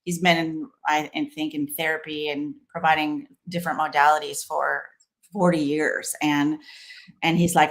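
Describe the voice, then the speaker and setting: A woman's voice: sits low, flat delivery, normal speed. A woman as a podcast guest and company founder, talking animatedly, listing examples and acting out little quotes. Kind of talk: podcast conversation.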